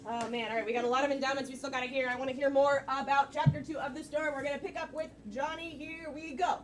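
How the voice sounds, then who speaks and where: A woman hosting a live improv comedy show, calling for audience suggestions in an upbeat, brisk, joking way. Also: high-pitched, steady tone, soft background music. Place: comedy theater stage. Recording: distant mic in a noisy live room.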